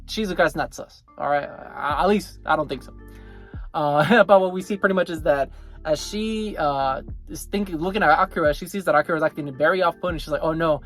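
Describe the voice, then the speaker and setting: A man's voice: a little high, a little fast, fairly bright tone, soft background music. A young man casually recapping an anime episode, rambling with many fillers as he retells the scenes. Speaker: anime reviewer.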